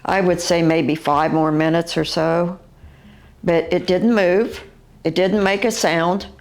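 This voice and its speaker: An older woman with a West Virginian accent, recounting her own encounter as an eyewitness in a halting, vivid way, with fillers and restarts. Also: fairly low pitch, fairly even intonation.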